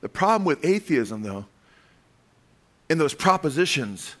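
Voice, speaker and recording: Emphatic preacher man, slightly high voice. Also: sing-song, unhurried, fairly bright tone. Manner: emphatic, rhetorical questions, dramatic storytelling. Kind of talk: sermon.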